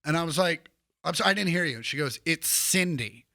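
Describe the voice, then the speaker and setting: A man in his thirties spins comic stories on a podcast, his high voice bright and edged with gravel. He bounces into the voices of people he quotes. The sound is close and dry. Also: fairly quick, no echo. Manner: animated, acts out quoted voices. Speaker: podcast guest, comedian. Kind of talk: casual comedic storytelling.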